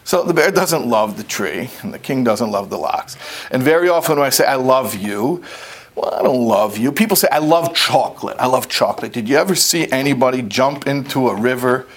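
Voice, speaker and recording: Man, storytelling lecture, husky voice, conversational, animated. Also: medium pitch, brisk. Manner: conversational, animated, plain-spoken. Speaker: speaker.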